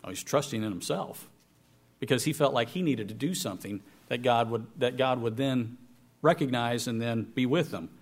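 A man preaching a sermon, reading scripture with raised, emphatic lines and then sinking into quiet, low remarks. His voice sits at an average pitch, and he slows down to stress key phrases.

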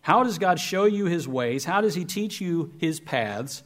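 Man preaching, from loud to hushed. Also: lively intonation, unhurried. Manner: swings between raised, emphatic reading and quiet, low asides. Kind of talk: sermon with scripture reading.

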